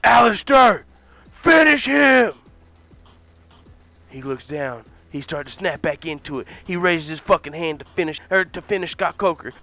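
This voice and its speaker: A man improvising a comic fight story, animated, excitable and full of swearing. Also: a little high, brisk, few pauses, no room sound, soft background music.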